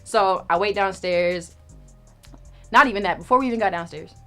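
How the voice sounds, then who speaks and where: A young woman telling a story in casual chat, animated and profane, acting out what people said. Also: medium pitch, normal speed, faint music behind. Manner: animated, profane, acts out quoted lines. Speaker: storyteller guest.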